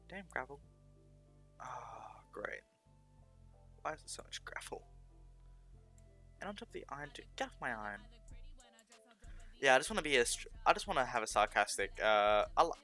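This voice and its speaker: A man's voice: mid-range voice, sharp tone. A man with a South Australian accent chatting casually while gaming on a stream, rambling, sarcastic and often correcting himself. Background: faint background music.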